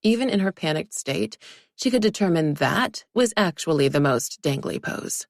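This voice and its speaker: A woman's voice: fairly low pitch, animated, normal speed, creaky, no echo. A woman narrating an audiobook with a wry, dry comic delivery.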